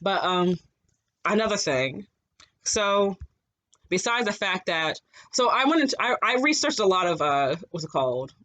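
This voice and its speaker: Animated, rambling podcast co-host. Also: medium pitch. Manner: animated and rambling, many fillers, quick laughs. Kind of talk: casual chat.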